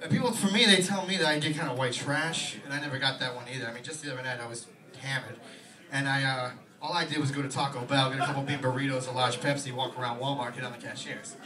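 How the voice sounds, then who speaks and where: Fast-talking young man doing stand-up. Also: mid-range voice, recorded from a distance. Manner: rapid rambling delivery with fillers. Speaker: stand-up comic. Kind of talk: stand-up comedy set. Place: small pub stage. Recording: echoey bar room, mic from afar, loud crowd.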